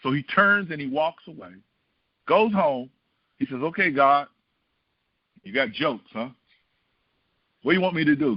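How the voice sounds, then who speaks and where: Middle-aged preacher with a higher voice. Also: male voice, expressive, normal speed, pauses often, no room sound, lo-fi sound. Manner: asks the congregation rhetorical questions. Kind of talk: storytelling sermon.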